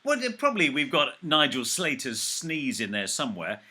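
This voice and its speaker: A man's voice: fairly high pitch, huge pitch swings, moderate pace, pushed and bright. A man hosting a casual chat, with teasing, playful banter. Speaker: podcast host, trainer.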